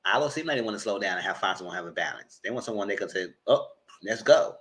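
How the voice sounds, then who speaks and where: A man giving a live commentary on a reality dating show, retelling scenes and talking back to the people in them in a sassy, animated way. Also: very fast. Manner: jumps to high squeals and laughing bursts.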